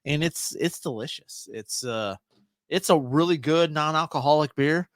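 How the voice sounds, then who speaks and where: A man's voice: on the high side, normal speed, dry recording, clean studio sound. A man co-hosting a casual podcast, hesitant and agreeable, often restarting his sentences. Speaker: podcast co-host. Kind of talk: casual chat.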